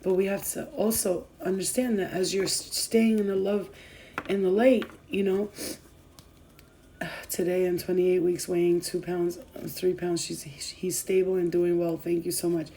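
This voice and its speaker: Young woman vlogger, heartfelt and rambling, tearful edge, gravelly mellow voice, faint noise behind. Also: lowish voice, flat delivery, normal speed, poor audio. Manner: rambling, heartfelt, many fillers and restarts. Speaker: spiritual vlogger. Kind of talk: emotional casual talk to viewers.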